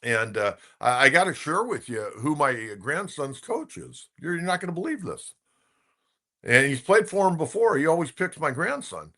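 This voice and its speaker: Older male sports-radio host, bright, chatty, opinionated storyteller. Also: fairly high pitch, very animated, normal speed. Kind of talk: casual sports talk commentary.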